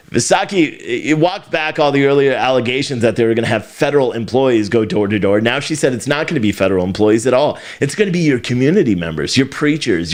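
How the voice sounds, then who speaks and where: A middle-aged man hosting his own news show. He rants in a sarcastic tone, laughs at his own jokes and swears as he goes. His voice sits at an everyday middle pitch. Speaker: news commentary host. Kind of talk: casual opinionated commentary.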